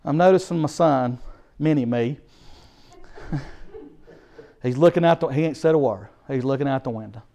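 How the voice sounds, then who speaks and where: A man's voice: medium pitch, moderate pace, pauses often, dark tone. A middle-aged man, preaching a sermon through an emphatic, repetitive story. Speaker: guest preacher.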